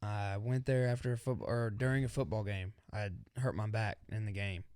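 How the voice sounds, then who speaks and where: A man's voice: lowish voice, a little fast, smooth, no echo. A young man co-hosting a podcast, telling a story in casual chat and acting out the voices of the people in it. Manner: animated storyteller acting out quotes. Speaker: podcast co-host.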